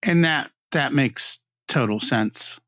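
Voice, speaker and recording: A man's voice: mid-range voice, slow pace, dry recording, clean studio sound. A man hosting a podcast interview, chatty and relating examples from TV. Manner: lively, chatty, relates pop-culture examples. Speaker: podcast host. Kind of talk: conversational interview.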